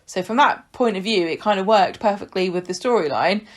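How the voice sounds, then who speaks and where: A woman's voice: mid-range voice, a little fast. A woman co-hosting a podcast, chatty and hesitant, with frequent laughs. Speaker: podcast co-host. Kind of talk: casual chat.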